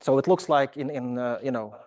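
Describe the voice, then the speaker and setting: A man's voice: medium pitch, a little fast, darkish tone. A man giving an academic lecture, talking hesitantly with many fillers and restarts, and slipping in wry asides about himself. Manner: wry self-deprecating asides.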